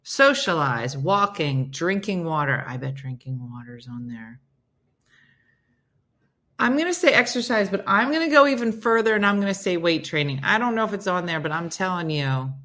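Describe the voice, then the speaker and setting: A woman's voice: fairly low pitch, sing-song, moderate pace, fairly bright tone. A woman hosting a casual morning livestream, chatting playfully with viewers and her dog. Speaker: livestream host. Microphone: phone.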